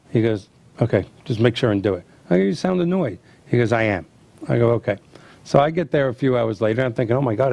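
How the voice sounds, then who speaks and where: A middle-aged man hosting a chat, telling family stories and acting out the quotes with lively energy. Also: medium pitch, vocal fry. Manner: animated storyteller acting out quotes. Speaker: host. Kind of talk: casual storytelling chat.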